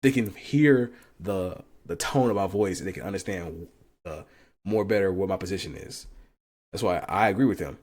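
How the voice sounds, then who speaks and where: A man's voice: sits low, big pitch swings, moderate pace. A man hosting a casual reaction commentary, talking bluntly with profanity and frequent laughs. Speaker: commentary channel host.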